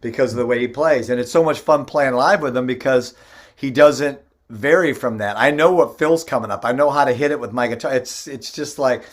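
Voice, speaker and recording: A man's voice: mid-range voice, fairly quick. Guitarist dude praising his drummer, easygoing. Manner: warm praise, friendly teasing. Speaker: guitarist, band member. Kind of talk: casual interview chat.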